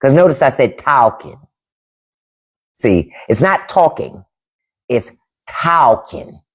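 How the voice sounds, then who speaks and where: A woman hosting a casual livestream chat with viewers, animated, laughing often and mimicking family speech. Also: extremely low pitch, takes it slowly. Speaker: podcast host on a livestream.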